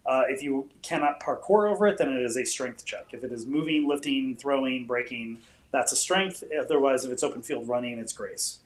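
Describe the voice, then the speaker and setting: A man running a tabletop game as game master, talking in a relaxed, halting way with many fillers and restarts. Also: medium pitch, reverberant, poor audio.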